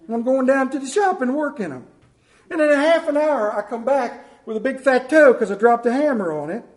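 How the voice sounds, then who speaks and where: A man preaching a sermon, telling folksy stories and swinging between loud emphasis and quiet asides. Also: extremely high pitch, animated, a little fast, echoey room. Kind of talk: sermon with anecdotes.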